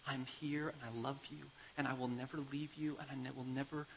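A man voicing a loving father who softly comforts his frightened little daughter at night. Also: medium pitch, little pitch movement, a little fast, slight background noise, lightly acted, poor audio. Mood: tender. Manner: soft, tender, hushed.

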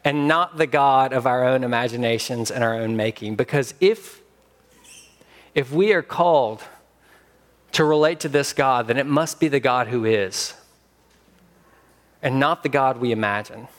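A man preaching a sermon as pastor, emphatic with dramatic pauses. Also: mid-range voice.

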